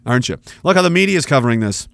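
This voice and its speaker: A man's voice: medium pitch, very animated, very fast, creaky, a bit bright, dry recording. A man hosting a podcast, ranting sarcastically and with heavy profanity while commenting on news clips. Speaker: podcast host.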